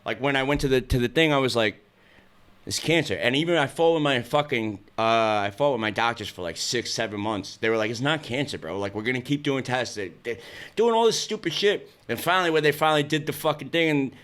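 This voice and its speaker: A young man speaking quickly in a casual interview. His pitch sits in the middle range. He tells rapid, profane stories and acts out what people said. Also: fairly bright tone, clean tone. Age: young adult. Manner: fast, profane storytelling with lots of acted quotes. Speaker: guest.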